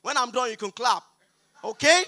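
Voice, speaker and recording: A young Nigerian man with a Nigerian accent doing a stand-up comedy set on an auditorium stage, loud, pleading and mock-outraged with the crowd. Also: extremely high pitch, animated, fairly quick, dry recording. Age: young adult.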